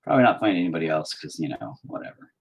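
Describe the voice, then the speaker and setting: A man's voice: extremely low pitch, very animated, very fast, vocal fry, husky. A man chatting casually as he paints, rambling, swearing and joking at his own expense. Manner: rambling, profane, self-mocking. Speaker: painting vlogger. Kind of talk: casual chat while painting.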